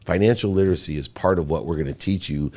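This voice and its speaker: A man who is a podcast guest, telling an emotional personal story in an interview with animated, emphatic delivery. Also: low voice, fast talker.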